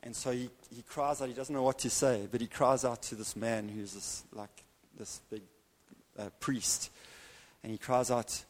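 His voice mid-range, the evangelical preacher narrates a story with energy, letting dramatic pauses land during the sermon.

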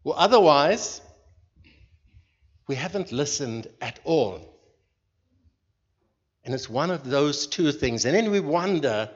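A man leading a church group, giving an informal sermon in a slow, earnest way and putting questions to the listeners. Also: fairly high pitch, lively intonation, slightly rough. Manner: slow, earnest, pauses between phrases. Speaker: leader of a church group meeting. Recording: dull recording with long hall reverb.

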